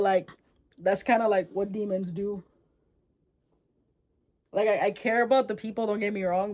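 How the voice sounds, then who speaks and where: A woman's voice: medium pitch, darkish tone. A woman vlogger retelling a folktale in a chatty, slangy, digressive way. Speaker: storyteller vlogger.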